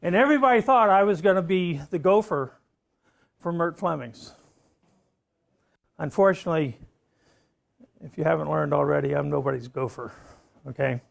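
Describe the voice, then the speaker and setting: Older man lecturing, gravelly raised voice. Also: sits high, moderate pace, long pauses. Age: around 70. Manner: storytelling, frequent "okay?" check-ins. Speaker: professor. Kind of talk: classroom lecture anecdote.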